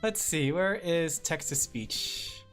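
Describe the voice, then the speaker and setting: A streamer chats to the viewers in a loose, rambling way, often breaking into laughter. The voice sits at an ordinary middle pitch, caught on a streaming mic. Soft music plays faintly in the background. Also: takes it slowly. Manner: chatty, rambling, laughs often, talks to chat. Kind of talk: casual livestream chat while drawing. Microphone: streaming microphone with headphones.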